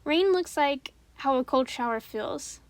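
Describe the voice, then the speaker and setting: A woman doing a gentle young schoolboy. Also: sits high, expressive, dry recording. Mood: thoughtful. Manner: hesitant, thoughtful, slow when explaining.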